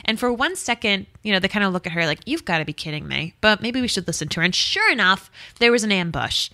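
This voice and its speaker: A woman's voice: mid-range voice, lively intonation, fast, sharp tone, no echo. Wry woman, teasing podcast co-host, dry close sound. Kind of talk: casual chat.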